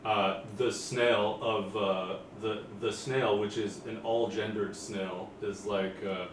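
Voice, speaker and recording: A man running a tabletop game as its game master, narrating casually and halting with fillers. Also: on the low side, steady tone, slight background noise. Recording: roomy, distant home recording.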